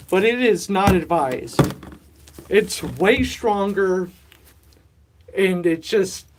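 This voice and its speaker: A livestream host chatting casually with viewers, rambling and poking fun at themself while working on a home mushroom setup. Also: mid-range voice. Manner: rambling, chatty, self-mocking, talks to chat.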